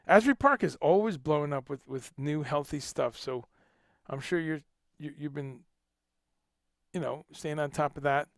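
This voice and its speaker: Gravelly, animated livestream host. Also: male voice, a little high, normal speed, no room sound, studio quality. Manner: animated, joking, swears casually. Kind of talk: casual livestream chat.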